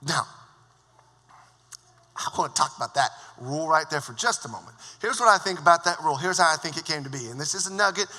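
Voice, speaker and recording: A man preaching a sermon as worship leader, telling the story in a lively, joking way. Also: on the high side, fast. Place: church sanctuary. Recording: long church hall reverb.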